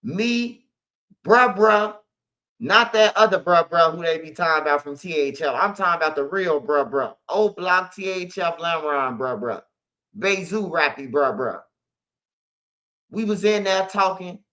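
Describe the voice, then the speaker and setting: The street news host recounts a story in a casual monologue, slangy, profane and emphatic in a loose way. His voice, on the high side, is pushed and bright at a measured pace, and the audio is dull lo-fi.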